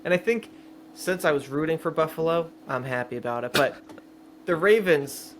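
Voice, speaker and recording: Excitable higher-voiced man with faint hiss. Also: moderate pace. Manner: excitable, fan-like. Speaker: podcast co-host. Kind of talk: casual sports chat.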